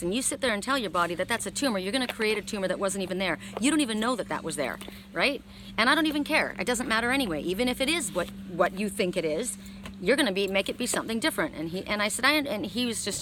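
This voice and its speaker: A woman's voice: mid-range voice, lively intonation, a little fast, a bit bright, a little hiss or hum. A woman oracle card reader telling her viewers a story in an earnest, emphatic way, recorded outdoors. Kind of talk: casual spiritual talk to viewers.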